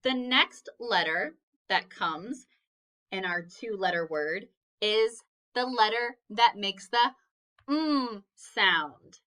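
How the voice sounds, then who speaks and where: Slow, bright-voiced phonics teacher woman. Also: mid-range voice, expressive. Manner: patient, encouraging, sounds out each letter. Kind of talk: slow phonics lesson for children.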